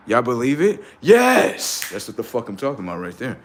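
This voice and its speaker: Animated, profane man ranting on a livestream. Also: medium pitch, quick pace, few pauses. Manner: animated, profane, preachy, rising to shouts. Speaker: livestream host. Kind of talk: unscripted livestream rant.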